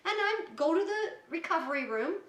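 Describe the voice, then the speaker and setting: A middle-aged woman vlogger telling a story in a lively way, laughing often and acting out what others said. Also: very high voice, fairly quick, far from the mic. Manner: animated, laughs often, acts out others' voices. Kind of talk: storytime chat. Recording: echoey room.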